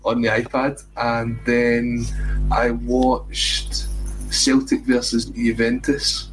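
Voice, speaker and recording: A man's voice: mid-range voice, completely flat delivery, slow, a little hiss or hum, rough recording. A Scottish man hosting a football podcast, chatting casually with friendly, self-mocking banter. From Scotland. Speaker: podcast host.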